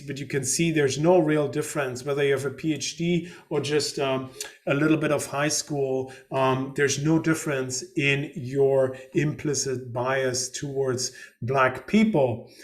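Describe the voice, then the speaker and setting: Guy lecturing online, rambly and casual, voice a bit on the high side. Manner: loose and chatty, many fillers and self-corrections. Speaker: university lecturer.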